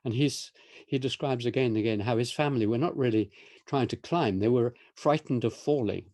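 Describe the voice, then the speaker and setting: An older English man on a video call, explaining history in a measured, pausing way with frequent restarts. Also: mid-range voice, darkish tone, no room sound, clean studio sound. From England. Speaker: interviewee, historian. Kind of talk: thoughtful conversational explanation.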